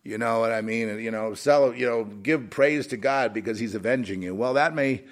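A man's voice: mid-range voice, moderate pace. A man talking in an emotional, rambling monologue, full of fillers and restarts, swinging between raised and muttered lines.

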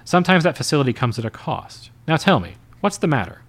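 A man voicing a blunt, brash older Hollywood agent who talks fast and emphatically in a raised voice. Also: a little high, big pitch swings, fairly bright tone, voice pushed up, heavily acted.

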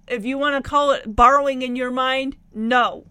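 A high-voiced woman recapping a TV episode in a loose, chatty way. She talks back to the characters as if they could hear her. Her voice sounds dry and close, with no room around it. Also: moderate pace, pushed and bright, no echo. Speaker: show recapper. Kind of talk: casual episode recap commentary.

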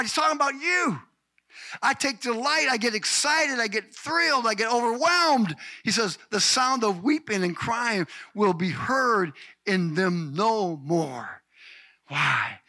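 Male pastor, lively sermon delivery, high bright voice, no room echo. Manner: exuberant, calls out congregation members by name.

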